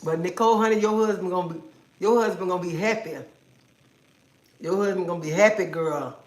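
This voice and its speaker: A talkative woman hosts a relaxed livestream from her home, teasing and scolding her viewers with sass. Her voice carries a noticeable roomy echo, as if she is talking into a phone in an open room. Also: fairly low pitch, brisk. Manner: sassy, chatty, scolding viewers playfully. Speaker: livestream host. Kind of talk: casual livestream chat with viewers.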